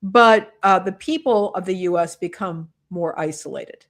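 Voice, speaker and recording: A woman's voice: lowish voice, unhurried. A woman from the United States co-hosting a podcast, giving earnest, impassioned political commentary and thinking aloud with frequent restarts. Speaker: podcast co-host.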